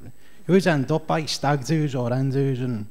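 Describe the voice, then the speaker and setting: A man's voice: mid-range voice, normal speed, a little mellow. A man with a Scouse accent doing a rambling, chatty stand-up comedy set on a club stage. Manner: rambling, chatty, heavy on fillers.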